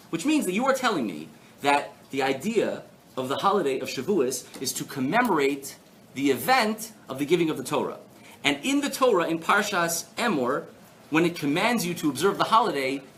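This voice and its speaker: A man giving a live Torah class, animated and playful, asking the audience rhetorical questions. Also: on the high side, slight background noise. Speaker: rabbi teaching a class. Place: synagogue hall before an audience.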